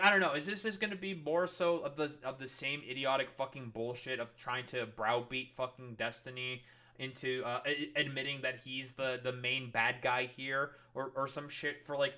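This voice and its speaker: A man's voice: medium pitch, bright, forceful tone. A man streamer giving angry, profanity-heavy commentary on political clips. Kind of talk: ranting commentary over clips.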